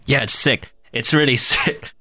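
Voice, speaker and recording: A man co-hosting a podcast, riffing casually in a deadpan yet enthusiastic way. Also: medium pitch, measured pace, dry recording, studio quality. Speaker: podcast co-host. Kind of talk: casual chat.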